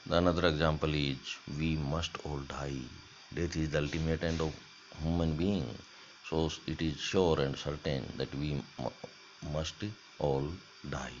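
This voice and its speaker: A male college lecturer with a very low voice talks slowly through a grammar lesson. He speaks deliberately and repeats his example sentences. The recording sounds dull and lo-fi. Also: a little hiss or hum. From India.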